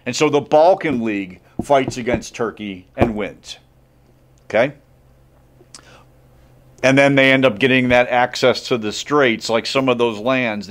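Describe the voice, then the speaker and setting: A man teaches history in a relaxed, conversational lecture. His voice sits at an ordinary middle pitch. He keeps things loose and jokey, dropping in "like" and quick acted asides as he explains. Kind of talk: casual classroom lecture.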